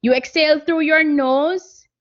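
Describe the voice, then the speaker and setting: A woman's voice: sits high, fairly even intonation. Woman lecturing on voice, muffled audio. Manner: explanatory, measured, frequent fillers. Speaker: guest speaker on voice training. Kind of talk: online seminar lecture.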